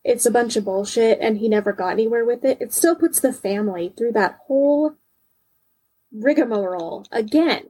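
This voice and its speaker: A woman's voice: a little high, normal speed, mellow, slightly rough, low-quality recording. A woman co-hosting a true-crime podcast in casual chat, reading case details aloud in between. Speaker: podcast co-host.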